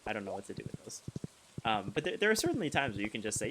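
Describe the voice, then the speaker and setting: A young man streams a video game and chats casually, rambling, restarting sentences and laughing often over the game music. His voice is on the low side and sing-song, he talks very fast, and there's background noise.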